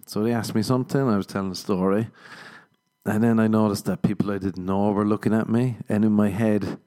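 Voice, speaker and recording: With a fairly low, steady, mellow voice and a slightly fast delivery, a comedian rambles through his solo podcast. He swears plenty and makes himself the butt of the jokes.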